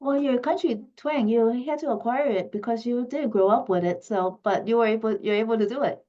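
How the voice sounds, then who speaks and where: Halting woman radio host, muffled sound. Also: on the high side, mellow. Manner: halting, many fillers and restarts. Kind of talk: radio interview. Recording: muffled lo-fi line.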